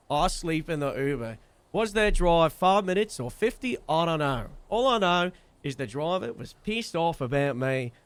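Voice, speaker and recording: Brief: young male streamer, casual storyteller, slightly higher voice, lively and profane. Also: clean tone, no room sound. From Wales. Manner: animated, swears freely.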